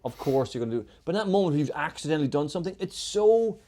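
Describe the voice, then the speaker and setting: A man's voice: on the high side, animated, racing, warm tone. Rambling, swearing man telling a story. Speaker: comedian podcast co-host. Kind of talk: casual comedic chat.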